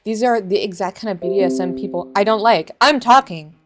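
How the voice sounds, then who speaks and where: A woman's voice: medium pitch, brisk. Chatty sarcastic woman reacting on camera. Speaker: reaction video creator. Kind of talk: casual reaction commentary. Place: hot bedroom at home.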